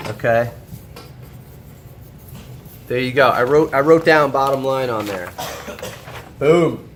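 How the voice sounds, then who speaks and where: A man teaching a high school shop class, walking students through a drawing step by step, checking in often and joking with them. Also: slow pace, pauses often, a little hiss or hum. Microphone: camera held by a student.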